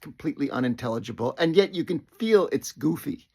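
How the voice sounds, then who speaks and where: A middle-aged man tells a personal story straight to the listener, thinking aloud as he goes. His voice is gravelly and husky, and he often restarts his sentences and sinks into soft, whispered asides. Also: a little high, animated, brisk.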